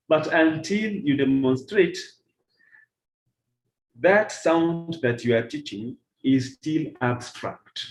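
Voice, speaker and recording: A middle-aged man giving a workshop lecture to teachers, deliberate and repeating key phrases for emphasis. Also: medium pitch, low-quality recording. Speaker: teacher trainer.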